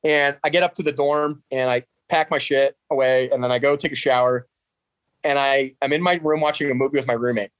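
A man's voice: mid-range voice, steady tone, a little fast, no echo. A man in his thirties from New Jersey, a podcast guest telling a story in a casual, sarcastic, profane way. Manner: sarcastic, profane, acts out dialogue.

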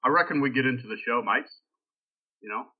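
A man's voice: mid-range voice, brisk. Man chatting over a tinny line. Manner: rambling, jokey, loose. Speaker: podcast host. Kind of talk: casual chat.

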